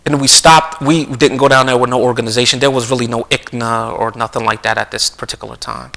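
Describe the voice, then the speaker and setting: A middle-aged man speaks in a bright, forward voice at an ordinary pitch. He talks earnestly on a live stream and tells stories as he goes. He often circles back and repeats phrases before finishing a thought. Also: fairly even intonation, quick pace, gravelly, rough recording. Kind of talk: conversational talk with storytelling. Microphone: streaming mic.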